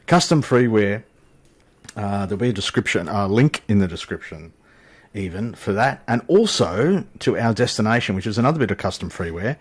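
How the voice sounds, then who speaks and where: Australian male host, husky tone, chatty and jokey sim commentary with a bouncy, up-and-down delivery. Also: on the low side. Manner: chatty, joking, self-deprecating. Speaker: flight sim channel host. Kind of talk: casual gameplay commentary.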